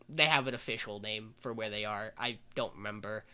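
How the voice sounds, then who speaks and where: A man hosting a casual podcast, recapping anime scenes with quick voiced quotes and fillers. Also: medium pitch, sharp tone, clear, resonant tone.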